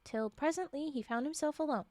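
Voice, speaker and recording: A woman's voice: high-pitched, brisk, warm tone, no room sound. A woman reading a classic tale aloud on a livestream, breaking off for joking asides, her voice strained and short of breath. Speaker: storyteller streamer.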